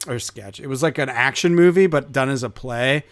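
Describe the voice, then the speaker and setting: A man's voice: medium pitch, brisk, no room sound. Guy hosting a podcast, jokey, laughs a lot, dry sound. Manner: laughs often, loose and joking. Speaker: podcast host. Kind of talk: casual chat.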